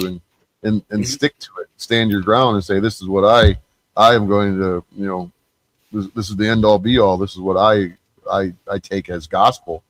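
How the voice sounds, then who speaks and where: A man's voice: fairly low pitch, low-quality recording. A man in a casual panel discussion who speaks hesitantly, restarting his sentences. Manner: hesitant, many fillers and restarts.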